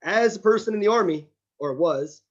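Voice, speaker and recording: A man giving a brisk, upbeat, direct evaluation of an online speech-club meeting. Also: high voice, animated. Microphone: video call. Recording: dull lo-fi video call audio.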